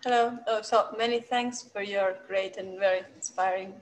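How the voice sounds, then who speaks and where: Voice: mid-range voice, steady tone, moderate pace, slight background noise, low-quality recording. A museum curator, moderating a Q&A with long, hesitant questions full of fillers. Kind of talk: asking questions after a lecture.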